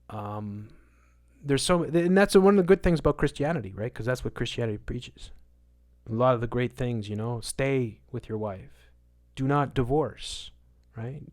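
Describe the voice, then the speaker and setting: Male livestream host, mid-pitched voice, casual moralizing rant, loud bursts and mumbled asides. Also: no echo, clean studio sound. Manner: emphatic, moralizing, repeats words for stress; swings between loud outbursts and muttered asides. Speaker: livestream host answering chat.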